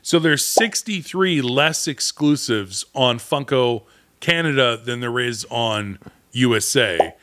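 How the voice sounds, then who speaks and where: Bright-voiced man in casual chat. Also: medium pitch, animated, takes it slowly. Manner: chatty, explains and speculates at length. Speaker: co-host of a collector channel.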